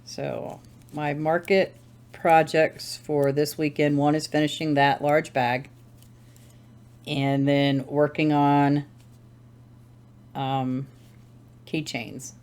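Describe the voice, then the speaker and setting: A woman's voice: low voice, flat delivery, slow, long pauses, a little mellow, clean tone. A woman hosting a crafting channel, chatting casually at home while she knits, rambling and correcting herself as she thinks aloud. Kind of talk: casual chat while knitting.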